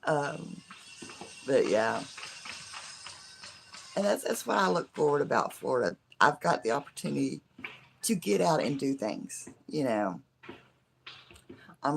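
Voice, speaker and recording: A middle-aged live stream host talks casually to viewers in a scratchy, hoarse voice. The voice has a rough, gravelly edge. The talk rambles and leans on fillers like "you know", with faint noise underneath. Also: mid-range voice. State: hoarse from laughing.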